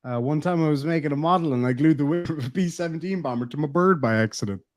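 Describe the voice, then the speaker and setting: Irish man, streamer, casual profane chat, slightly high voice, dry close sound, laughs a lot. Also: fast, darkish tone, no echo. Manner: profane, laughing, quoting lines.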